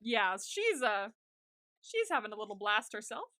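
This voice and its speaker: A woman's voice: medium pitch, very animated, pushed and bright, dry recording, studio quality. A woman co-hosting a podcast, recapping an episode in casual chat, giggling often and acting out characters' lines. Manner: giggly, acts out characters' lines in quick impressions. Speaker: podcast co-host.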